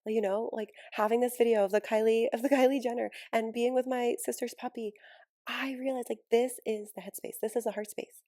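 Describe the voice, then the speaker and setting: A woman's voice: a little high, fairly even intonation, a little fast, warm tone, dry recording, studio quality. A woman hosting a casual solo podcast, gushing and enthusiastic, laughing often between thoughts. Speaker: podcast host and healing coach.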